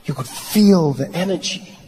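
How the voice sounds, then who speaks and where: A man doing a stand-up comedy set on a theater stage, telling animated stories into a handheld mic and often shouting punchlines. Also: on the high side, unhurried, in a large hall, slight background noise.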